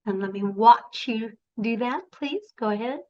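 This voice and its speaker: A woman's voice: fairly high pitch, unhurried, darkish tone, dull audio. A woman coaching presenters in an online workshop, encouraging and directive, speaking over a video call.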